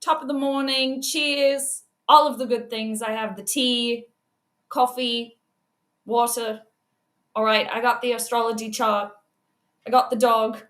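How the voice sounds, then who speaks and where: In an echoey room, a woman runs a relaxed livestream, welcoming viewers by name and breaking into laughter between comments. She speaks at a measured pace with frequent pauses, her fairly high, fairly bright voice barely moving in pitch.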